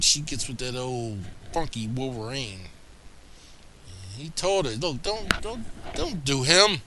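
A man's voice: medium pitch, sharp tone, poor audio. A man giving casual solo commentary about comic books, chatty and rambling, with frequent restarts and asides, coughing now and then.

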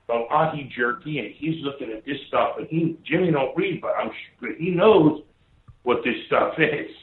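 A man's voice: fairly high pitch, moderate pace. A man from Hawaii, a former wrestler, telling stories in a rambling, casual way and swearing freely. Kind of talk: casual storytelling. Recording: echoey, tinny phone-like sound.

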